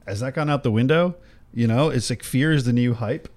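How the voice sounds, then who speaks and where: A man co-hosting a podcast, talking in a rambling, sarcastic, animated way. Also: medium pitch, a little fast. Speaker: podcast co-host. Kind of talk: casual chat.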